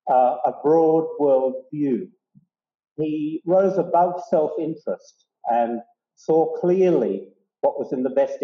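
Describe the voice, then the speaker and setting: An older man, a retired academic, giving a measured memorial tribute with some halting pauses. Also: mid-range voice. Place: woolshed hall. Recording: roomy, dull hall sound.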